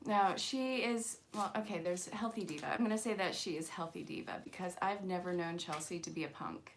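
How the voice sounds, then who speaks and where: A woman's voice: on the low side, brisk, a little hiss or hum. A woman hosting a casual live-streamed angel card reading, chatty and encouraging, joking with comments from her viewers. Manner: encouraging, spiritual self-help talk. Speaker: angel card reader, channel host.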